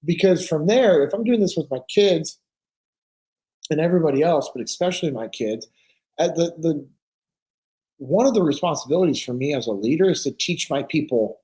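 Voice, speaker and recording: A man in his forties chats as a podcast guest, his voice sitting a touch high for a man. He tells stories loosely and slips into the voices of people he quotes. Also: animated, moderate pace, warm tone, poor audio. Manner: storytelling, acting out quoted dialogue. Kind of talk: casual conversation.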